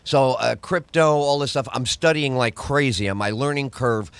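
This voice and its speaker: A man's voice: medium pitch, moderate pace, clear, resonant tone, no room sound. A middle-aged man from New York, a radio host and comedian, telling stories in conversation and acting out other people's lines. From New York, USA. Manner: acts out other people's lines in lively voices. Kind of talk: animated storytelling in conversation.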